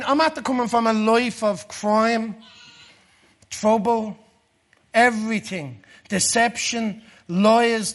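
An Irish man giving a personal testimony sermon to a church gathering, earnest, dropping low and slow for the dark parts. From Ireland.

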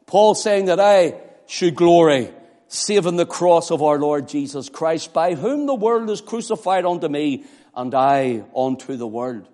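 A man's voice: on the high side, dark tone, in a large hall. A man with a Northern Irish accent preaching a sermon, building to impassioned, emphatic declarations.

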